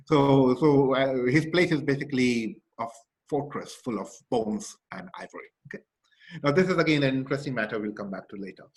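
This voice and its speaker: A male lecturer giving a literature lecture. He speaks with emphasis, asks rhetorical questions, often checks in with "okay?", and restarts some phrases while he thinks. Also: mid-range voice.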